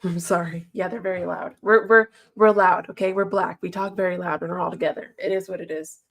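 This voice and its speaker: A woman's voice: lowish voice, fairly even intonation, brisk, creaky. A woman chatting casually on a livestream, answering her chat and laughing often.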